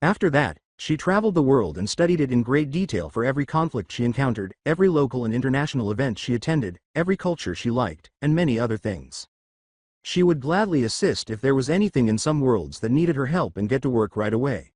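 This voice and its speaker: Man narrating a fan story, lively. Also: mid-range voice, fast, no echo.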